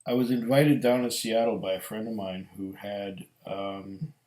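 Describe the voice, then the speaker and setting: A middle-aged man reviewing whiskey in a slow, musing, storytelling way. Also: fairly low pitch, steady tone, darkish tone. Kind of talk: casual tasting review. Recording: echoey room.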